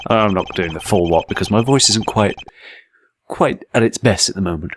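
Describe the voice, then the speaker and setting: A man's voice: fairly low pitch, normal speed, a bit bright, slight background noise. A man giving casual, rambling game commentary with self-deprecating asides. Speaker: let's play host.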